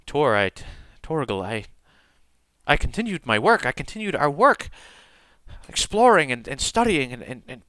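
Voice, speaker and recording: A man's voice: medium pitch, big pitch swings, no echo. A man voicing a tearful, stammering priestess. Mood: tearful, halting. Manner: halting, stammering, soft-spoken. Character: grieving woman priestess, tearful and shaken.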